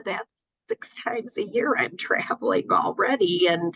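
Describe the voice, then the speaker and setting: An older woman talking in a relaxed interview, hesitant with many fillers and restarts, over a dull audio line. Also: on the low side, unhurried, husky, dry recording. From United States. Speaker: guest. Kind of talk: casual interview.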